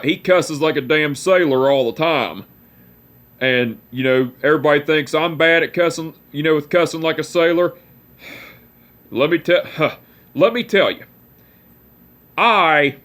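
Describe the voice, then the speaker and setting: A man's voice: mid-range voice, a bit bright. A man, telling family stories to camera in a rambling, profane way with many restarts. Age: 20s. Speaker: vlogger. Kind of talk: casual storytelling to camera.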